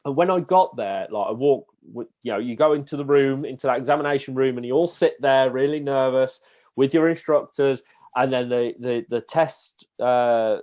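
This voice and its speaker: A young man, a guest on a casual podcast, telling a story in a lively way. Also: mid-range voice, moderate pace. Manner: lively anecdotal telling, acting out the voices in his stories.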